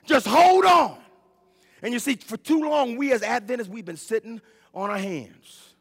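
A middle-aged man preaching a sermon with passion, swinging between shouts and hushed tones, often stumbling and restarting his words. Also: extremely high pitch, animated, normal speed. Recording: long church hall reverb.

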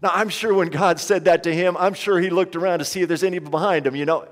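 High-voiced man preaching in a reverberant hall. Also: steady tone, fast talker, few pauses. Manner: impassioned preaching, acts out voices of a doubting man. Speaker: pastor. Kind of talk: sermon.

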